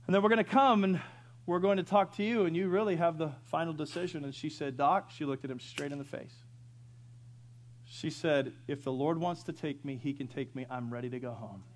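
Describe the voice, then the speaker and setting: A middle-aged man delivers a sermon from the pulpit. His voice sits a little high for a man, moving between hushed storytelling and surging, passionate preaching. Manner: storytelling, swelling to loud impassioned preaching. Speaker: pastor.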